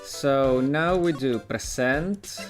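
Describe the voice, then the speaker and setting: Young man, from Italy, chatty game streamer, mid pitch, faint music in the background. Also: drawn-out words. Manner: chatty, answers chat, stumbles while reading aloud. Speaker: gaming streamer. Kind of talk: casual livestream commentary and reading.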